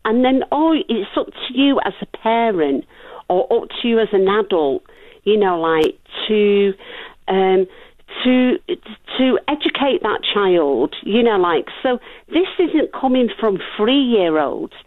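A woman's voice: mid-range voice, animated, takes it slowly, no echo. An older woman calling in to a radio phone-in, indignant and often saying "you know, like". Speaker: caller. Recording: dry tinny phone line.

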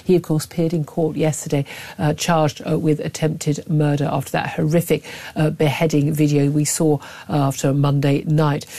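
A woman's voice: deep voice, little pitch movement, moderate pace, warm tone. A woman, a middle-aged talk radio host, delivering emphatic, opinionated commentary with frequent restarts.

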